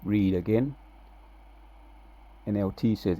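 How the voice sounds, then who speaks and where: A man giving casual religious commentary, reading scripture aloud with loud, drawn-out emphasis between relaxed, slangy asides. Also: low-pitched, creaky, husky, no room sound. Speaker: religious video preacher.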